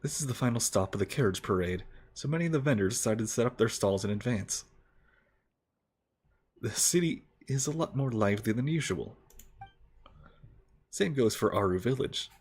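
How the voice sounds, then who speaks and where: Husky-voiced man joking through a game. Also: mid-range voice, lively intonation, normal speed, pauses often, darkish tone. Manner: joking, reads game dialogue aloud. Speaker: streamer. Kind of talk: casual gameplay commentary.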